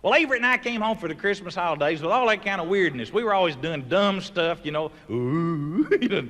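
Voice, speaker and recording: A man telling folksy stand-up stories and bursting into loud voiced sound effects, recorded live. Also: sits high, expressive, quick pace. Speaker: comedian. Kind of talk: stand-up storytelling. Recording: live show recording from a hall with audience ambience.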